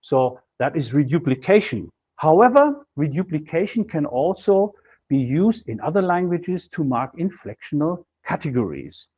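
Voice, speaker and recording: A man delivers a university lecture in a fairly high voice. He explains step by step, working through examples. The recording sounds muffled and lo-fi. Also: very animated, moderate pace, darkish tone, slightly rough. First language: German. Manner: methodical, explaining with worked examples. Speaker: linguistics lecturer.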